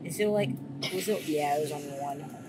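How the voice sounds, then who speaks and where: A woman's voice: sits low, fairly quick, heavy background noise. Jumpy, rambling woman gamer. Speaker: gaming YouTuber. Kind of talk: casual gameplay commentary.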